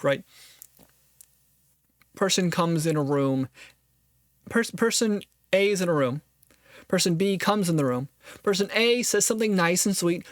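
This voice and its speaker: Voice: medium pitch, no echo, studio quality. A podcast host giving earnest, reflective solo commentary on a philosophy text, thinking aloud and restarting phrases often.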